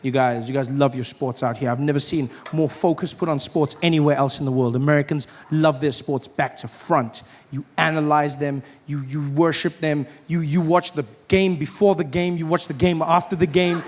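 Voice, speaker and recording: A man with a South African accent performing a stand-up set, animated and full of exaggerated asides. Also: a little high, normal speed, few pauses. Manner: animated, jumps into mock voices and exaggerated asides. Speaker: stand-up comedian. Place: theater stage before a live audience. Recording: live hall with crowd and hiss.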